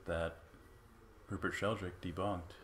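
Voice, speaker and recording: A man's voice: low-pitched, level tone, slow pace, a little hiss or hum. A man co-hosting a podcast in casual comedic chat, sarcastic and mocking, laughing often. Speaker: podcast co-host.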